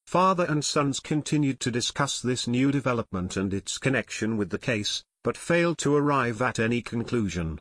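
A man narrating an unabridged audiobook in a steady storytelling manner on a close mic. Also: medium pitch, moderate pace, hardly any pauses, dry recording. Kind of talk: scripted narration.

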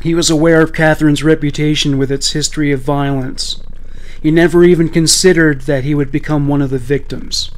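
Man narrating true crime, slightly high. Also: fairly even intonation. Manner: measured, blunt storytelling with profanity.

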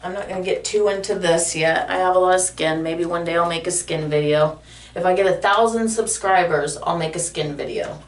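A woman's voice: on the low side, fairly even intonation, brisk, far from the mic. A woman talking to her viewers in a casual vlog from her bathroom, emotional and heartfelt. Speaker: vlogger. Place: home bathroom. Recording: echoey room, voice a bit off-mic.

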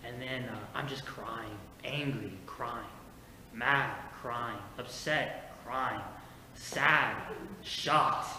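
A man preaching a sermon as pastor, moving from quiet personal storytelling to emphatic preaching. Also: mid-range voice, fairly even intonation, extremely slow. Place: church sanctuary. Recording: echoey church hall with faint noise.

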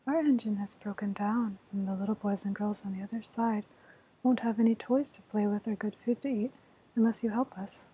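A woman's voice: medium pitch, fairly even intonation, fairly quick, dark tone, husky, poor audio. A woman whispering as pleading dolls and toys, whispered role-play.

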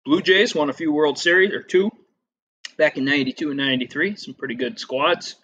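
A man's voice: a little high, fairly quick, fairly bright tone, highs cut off, slight background noise. A middle-aged man teaching a casual classroom lesson over slides, chatty and rambling with lots of fillers and asides.

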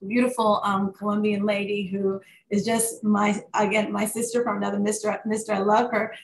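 Animated woman telling her faith story. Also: medium pitch, normal speed. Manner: animated, many fillers and restarts, warm testimony. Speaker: author guest; worship leader and pastor. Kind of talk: conversational interview storytelling. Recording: echoey room with faint noise.

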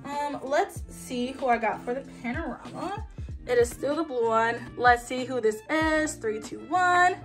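A young woman chatting excitedly as she unboxes albums, counting down and squealing at each reveal. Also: sits high, a little slow, music in the background. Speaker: K-pop album unboxing vlogger. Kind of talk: excited casual unboxing chat.

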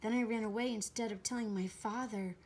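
A frightened little girl from a children's storybook, as a woman reads her part. She speaks in a breathy, anxious voice, raised and hurried. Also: on the high side, steady tone, darkish tone. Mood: ashamed.

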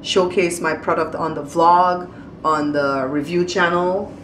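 A woman's voice: fairly low pitch, fairly even intonation, unhurried, fairly bright tone, echoey room, slight background noise. A woman hosting a casual home vlog, outspoken and teasing as she talks to the camera. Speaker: vlog host. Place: at home in a hallway.

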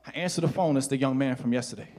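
A middle-aged male pastor with a mid-range voice preaches a sermon in church at a rapid-fire pace. He tells a personal story, swinging between hushed retelling and shouted preaching.

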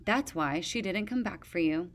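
A woman's voice: fairly low pitch, expressive, moderate pace, close to an everyday voice. A woman voicing a vain, cruel female dragon queen who talks in a bored, mocking, imperious way. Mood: coaxing.

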